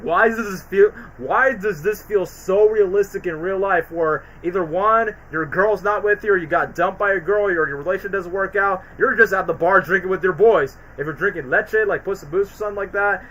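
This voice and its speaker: A man's voice: sits high, a little fast, few pauses, fairly bright tone, slight background noise, rough recording. A young man hosting a casual livestream, rambling in slangy speech full of "like" and "bro". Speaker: streamer host.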